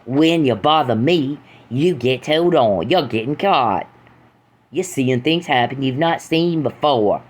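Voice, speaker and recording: A woman mocking a slow-drawling country hick, stretching her words out. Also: very deep voice, lively intonation, heavily acted. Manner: slow, drawn-out mock drawl.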